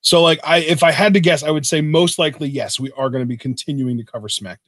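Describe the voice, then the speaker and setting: A man's voice: a little high, fairly even intonation, fast talker, a bit bright, no room sound. A young man co-hosting a casual podcast, easygoing and teasing. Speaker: co-host.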